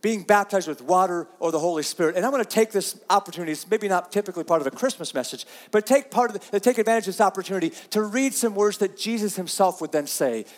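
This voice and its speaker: A man's voice: high voice, lively intonation, fast, hardly any pauses, in a large hall. A man preaching a sermon, earnest and repeating himself, reading scripture aloud. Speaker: pastor.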